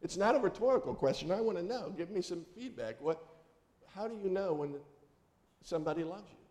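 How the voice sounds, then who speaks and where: Preaching in a big hall with long reverb, this man tells homely, funny stories and poses questions to his congregation in a folksy, conversational sermon. His voice is high and expressive, a little fast, with a darkish tone.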